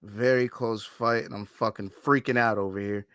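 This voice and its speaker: A man hosts a live fight watch-along, swearing freely and pleading with the fighters on screen. His voice is bright and crisp, and it leaps high when he gets excited. The sound is close and dry. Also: normal speed, no echo. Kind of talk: live fan commentary while watching and betting.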